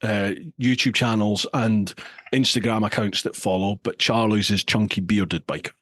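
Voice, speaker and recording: A man's voice: fairly low pitch, steady tone, moderate pace, fairly bright tone, no room sound. A man from the UK hosting a casual podcast chat, reading out listener questions with plenty of banter and laughter. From United Kingdom. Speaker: podcast host.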